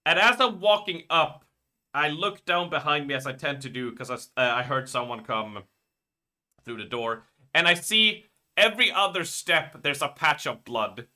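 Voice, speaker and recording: A man with a fairly high, very bright and sharp voice chats casually on a live stream. He tells long, rambling stories and swears freely. His delivery is loose and conversational. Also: normal speed. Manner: rambling, profane storytelling.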